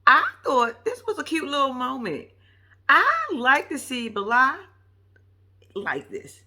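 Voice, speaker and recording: A woman's voice: high-pitched, slow. A woman vlogger reacting to a reality show in casual, chatty commentary. She talks straight to her viewers, slangy and profane, and laughs often. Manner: chatty and animated, addresses viewers directly with slang.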